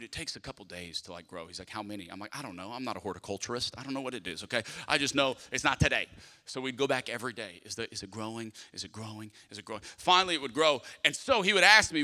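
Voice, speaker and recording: A man's voice: medium pitch, bright, forceful tone, long reverb tail. A man, preaching a sermon and telling stories, acting out the dialogue with playful asides to his congregation. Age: 30s. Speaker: pastor. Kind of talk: sermon with storytelling. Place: church sanctuary.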